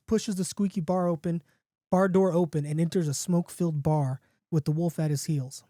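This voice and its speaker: A man reading his own spooky story aloud in a casual, animated way, lifting his pitch for excited characters. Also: fairly quick, no room sound, clean studio sound.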